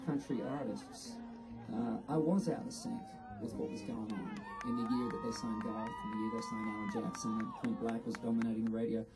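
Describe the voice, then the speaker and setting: Mellow Australian man, earnest speech. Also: medium pitch, breathy edge, distant mic, rough recording. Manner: earnest, unhurried, with frequent pauses. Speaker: award inductee. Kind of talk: acceptance speech. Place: outdoor ceremony.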